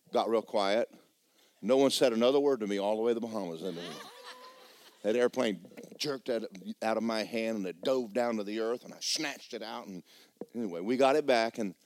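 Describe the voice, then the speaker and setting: A male pastor preaching a sermon with animated, folksy, joking storytelling. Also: on the low side, no room sound.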